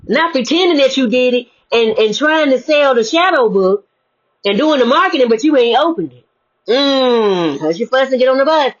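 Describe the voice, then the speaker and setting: A motivational speaker with a husky, slightly high voice gives a spiritual, sermon-style talk. She sounds preachy yet conversational, asking rhetorical questions, and the recording is dull and lo-fi.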